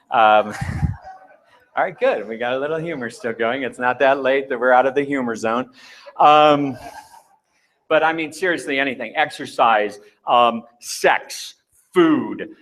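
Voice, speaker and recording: A man's voice: mid-range voice, fairly bright tone. A middle-aged man giving a playful, candid talk to a live conference audience, joking at his own expense. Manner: playful, candid, self-mocking. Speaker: conference speaker.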